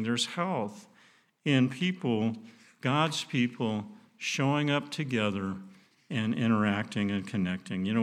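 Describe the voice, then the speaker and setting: A man's voice: mid-range voice, fairly bright tone. Earnest folksy man preaching a sermon. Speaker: pastor.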